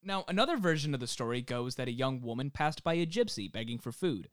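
A man co-hosting a casual podcast, reading a legend aloud from his notes in an animated way. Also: mid-range voice, fast, dry recording, studio quality. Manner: animated, reads the story aloud. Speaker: podcast co-host, story reader.

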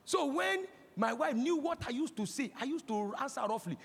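A man in his forties with a Nigerian accent, preaching a sermon as a pastor, impassioned and breaking into shouts. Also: extremely high pitch, expressive, moderate pace, vocal fry. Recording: long hall reverb.

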